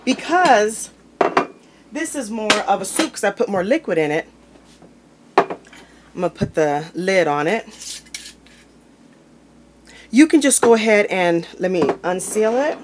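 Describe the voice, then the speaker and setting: A woman's voice: medium pitch, very animated, measured pace, pauses often, a little hiss or hum. Chatty woman demonstrating food in her kitchen. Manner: chatty and informal, talks while handling food. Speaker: home cooking video host. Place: home kitchen.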